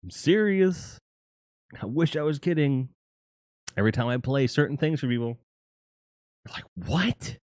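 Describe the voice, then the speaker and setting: A man's voice: medium pitch, lively intonation, normal speed, long pauses, darkish tone, clear, resonant tone, no echo, studio quality. A man hosting a casual, rambling and jokey chat about music. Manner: rambling and jokey, with lots of fillers and laughs. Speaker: host.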